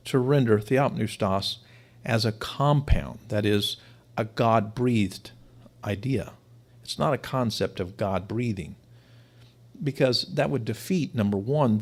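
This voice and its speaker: Gravelly-voiced man lecturing emphatically. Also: fairly low pitch, darkish tone. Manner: emphatic, explanatory, repeats words for stress. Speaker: teacher. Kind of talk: live-streamed lecture.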